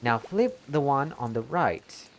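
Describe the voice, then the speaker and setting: A woman's voice: a bass voice, lively intonation, slow pace, a little hiss or hum. A woman streaming a video game, chatting playfully and reading the in-game dialogue aloud. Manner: playful, mock-outraged, reads in-game lines aloud.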